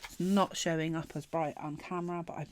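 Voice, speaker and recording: A woman chatting casually through a planner sticker unboxing, gushing and excitable, often trailing off mid-sentence. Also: deep voice, brisk. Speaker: planner vlogger.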